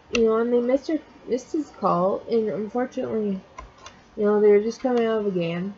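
A woman vlogger retelling a story, emotional and halting, near tears, with many restarts. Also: mid-range voice, mellow, muffled recording, a little hiss or hum. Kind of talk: personal vlog, retelling a story.

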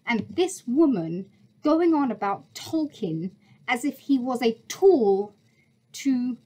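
Heated, high-voiced woman venting. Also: animated, measured pace, darkish tone, husky, poor audio. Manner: heated, indignant, swears, stumbles and restarts. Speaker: vlogger. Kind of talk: angry ranting monologue.

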